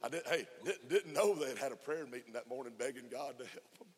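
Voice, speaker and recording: A man's voice: mid-range voice, lively intonation, fast, breathy edge. A man preaching a fervent sermon to a conference, often laughing and calling for amens. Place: church conference hall. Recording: echoey hall reverb.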